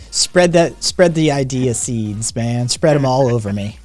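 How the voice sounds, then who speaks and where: A man's voice: medium pitch, expressive, slow pace, a little mellow, soft background music. A man hosting a live stream in casual chat, loose and profane, often laughing. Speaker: streamer host.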